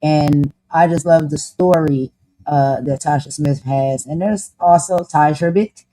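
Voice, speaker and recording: A woman's voice: low-pitched, a little slow, mellow, rough recording. A woman host with a New Jersey accent, talking in a blunt, sassy, slang-heavy way. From Camden, New Jersey. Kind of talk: casual chat.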